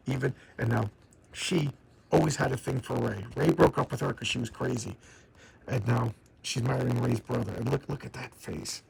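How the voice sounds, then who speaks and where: A man's voice: mid-range voice, a little fast, vocal fry, darkish tone, slightly rough, poor audio. A man casually reviewing a comic book, enthusiastic and often stammering and repeating words.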